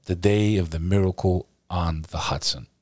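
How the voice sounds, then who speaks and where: A man's voice: deep voice, steady tone, moderate pace, darkish tone, dry recording. A man hosting a casual interview, asking leading questions in a conversational way. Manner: conversational, leading questions, talks over guest. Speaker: podcast host.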